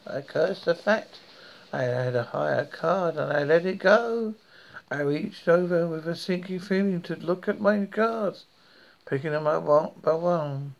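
A British man reading a horror story aloud in a slow, measured way, with occasional slips and restarts. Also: high voice, gravelly.

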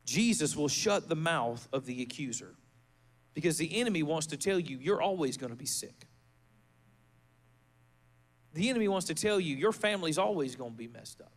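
A male pastor delivering a fervent sermon in a church, building to rousing shouts and leading the congregation in prayer. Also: a little high, animated, normal speed, pauses often.

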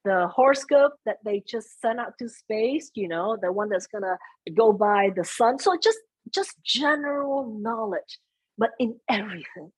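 A woman guesting on a casual podcast conversation, talking in a lively, earnest way with pitch that jumps up when she stresses a point. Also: normal speed, breathy edge, dry recording, poor audio. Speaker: guest, stage emcee.

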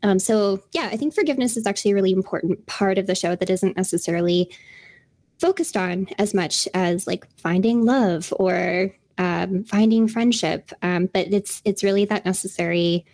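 A woman's voice: medium pitch, moderate pace, a little mellow, dry recording. Chatty young woman podcast co-host. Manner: chatty, laughs often, many fillers. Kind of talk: casual podcast chat.

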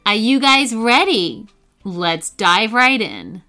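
A woman tells a bedtime story to children, her fairly high voice swooping with lively expression. She reads at an unhurried pace, lingering over each phrase. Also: soft background music. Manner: slow, expressive reading for children.

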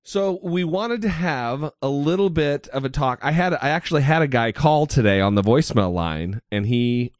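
A man's voice: fairly high pitch, animated, moderate pace, few pauses, no echo, studio quality. A man hosting a podcast in loose, joking, profane casual chat. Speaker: podcast host.

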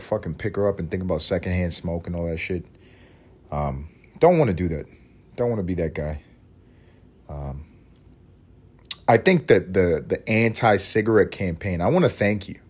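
Thirties male podcaster, lowish voice, profane self-mocking rambler. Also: darkish tone. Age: 30s. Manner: cranky, scattered. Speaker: podcast host. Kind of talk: casual solo podcast rant.

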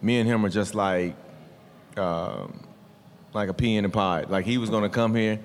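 A man guest on a podcast, telling a story in a halting way with lots of ums. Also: lowish voice, slight background noise. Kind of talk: casual chat. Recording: long room reverb.

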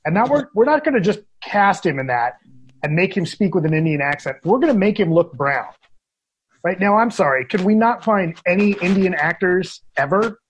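A man on a podcast as a guest critic, talking casually and opinionated in animated rants. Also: sits high, normal speed, husky.

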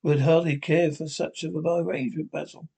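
A man reading as a witty, cynical aristocrat who drawls his remarks with idle amusement. The voice is slightly high for a man. It is read close to the reader's own voice. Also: little pitch movement, moderate pace, creaky, dark tone, slightly rough. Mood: amused.

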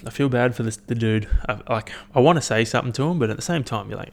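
A young man rants casually to his listeners, swearing freely and jumping between stories. His pitch sits in an ordinary middle range, and he rambles with animated bursts. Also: fast talker, creaky, few pauses, a little hiss or hum. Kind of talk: casual solo rant.

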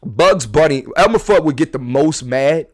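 A middle-aged man hosts a casual podcast and spins a story, acting out the people he quotes. His pitch swings widely and sits a bit high. The sound is dry and close. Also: lively intonation, moderate pace, dry recording. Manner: storytelling, acts out quotes with big pitch jumps and shouts. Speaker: podcast host.

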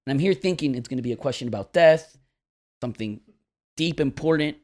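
A man telling a long, rambling story to friends on a podcast, animated and laughing as he goes. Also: medium pitch, brisk, long pauses. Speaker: podcast co-host. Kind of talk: casual storytelling among friends.

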